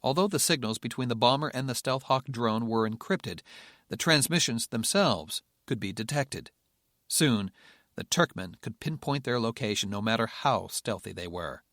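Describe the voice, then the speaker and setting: A man's voice: medium pitch, lively intonation, normal speed, fairly bright tone, no echo, clean studio sound. Man narrating a thriller audiobook. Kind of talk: scripted narration.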